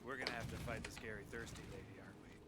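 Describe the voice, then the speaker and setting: A man's voice: fairly low pitch, fairly even intonation, racing, heavy background noise, natural voice. An actor voicing a wisecracking young male adventurer who makes sarcastic, wry asides.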